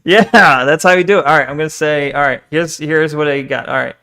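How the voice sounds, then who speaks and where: A man's voice: fairly high pitch, brisk, pushed and bright, smooth. A young man streaming, casually chatting with his viewers in a jokey, self-deprecating way, swearing and laughing often. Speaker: VTuber streamer. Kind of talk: casual chat reading stream chat.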